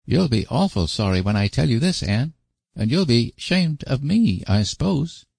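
A man's voice: mid-range voice, very animated, normal speed, vocal fry, a little mellow, husky, no echo, pitched above the performer's own voice, full character voice. Man putting on a stammering, anxious little boy. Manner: pleading, hesitant, stammering. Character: small anxious earnest boy.

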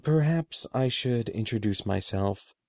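A man reading the lines of a gentle, ominous old sorcerer, slow, soft and solemn. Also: lowish voice, lively intonation, no echo, studio quality.

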